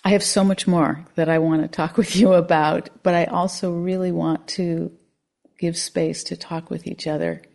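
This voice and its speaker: A woman meditation teacher giving a dharma talk, speaking slowly and softly, at times near a whisper. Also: fairly low pitch, level tone, creaky. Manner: soft, slow and contemplative, at times near a whisper.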